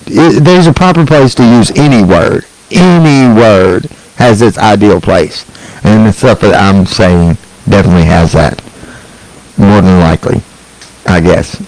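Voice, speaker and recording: A man's voice: fairly low pitch, a little mellow, no echo, poor audio. A middle-aged man hosting a solo online show, ranting bluntly and profanely, rambling with restarts and asides.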